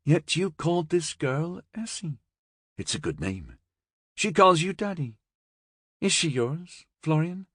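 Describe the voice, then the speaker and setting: A man's voice: fairly high pitch, very animated, a little slow, fairly bright tone, breathy edge, dry recording, clean studio sound, pitched above the performer's own voice, full character voice. A man voicing a firm, prying middle-aged aunt who asks insistent, scolding questions in a raised voice. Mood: probing.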